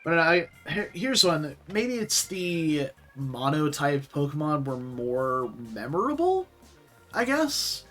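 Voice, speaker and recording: A man's voice: fairly high pitch, sing-song, slow pace, pushed and bright, faint music behind. A man from the Southern US giving casual, rambling gameplay commentary with many fillers and self-corrections. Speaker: streamer playing a game.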